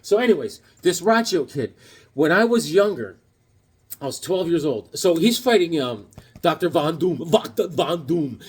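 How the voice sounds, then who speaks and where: A middle-aged man talks through his comic finds in a loose, chatty way. His voice is a little husky and sits on the higher side for a man. He swings it up and down a lot while he tells stories and acts out the people in them. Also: normal speed. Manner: animated storyteller, acts out voices. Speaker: comic book vlogger. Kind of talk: casual show-and-tell chat.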